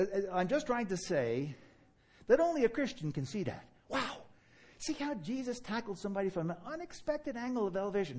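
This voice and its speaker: Husky and slightly high for a man, this New York preacher's voice swings widely in pitch as he plays out exchanges in mock dialogue. His sermon is animated and quick, peppered with laughter.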